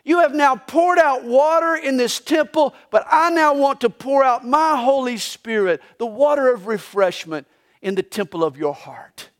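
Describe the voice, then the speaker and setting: A preacher voicing an earnest teacher calling to a crowd. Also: male voice, very high voice, moderate pace. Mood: pleading.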